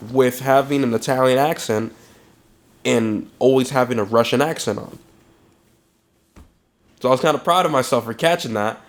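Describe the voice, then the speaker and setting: Profane casual man on a podcast. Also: medium pitch. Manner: loose, profane, animated film talk. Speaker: podcast co-host. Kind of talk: casual chat.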